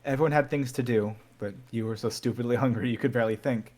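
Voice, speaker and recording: A man's voice: mid-range voice, fairly even intonation, fast, darkish tone. A man streaming a story game, reading its text aloud in a dramatic way that builds to urgent repetition.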